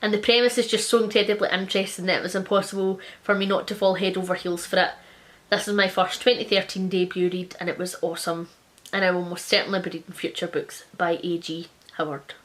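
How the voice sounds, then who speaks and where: A woman with a medium-pitched voice and flat delivery reviews books in a casual vlog, bluntly and sarcastically, with plenty of swearing. Quoted reviews get read aloud quickly and quietly.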